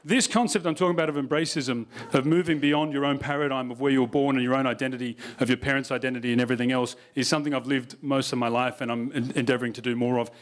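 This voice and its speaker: A man's voice: mid-range voice, steady tone, fast talker, few pauses. A man giving a stand-up comedy keynote on a live stage, wry and conversational with the audience. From Australia. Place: live stage at a university event.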